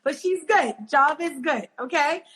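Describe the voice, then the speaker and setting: Animated high-voiced woman guest. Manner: animated, rapid storytelling. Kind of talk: casual chat over video call.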